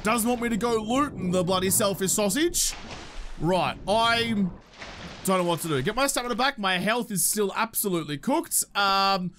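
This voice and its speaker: Man, gameplay commentary, high-pitched, bright and forceful, chatty and self-mocking. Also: a little hiss or hum. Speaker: gaming YouTuber.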